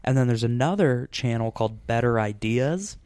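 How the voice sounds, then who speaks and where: A man's voice: mid-range voice, animated, moderate pace, a little mellow, clean tone, no echo, clean studio sound. A man hosting a podcast in casual chat, rambling with lots of fillers and restarts. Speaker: podcast host.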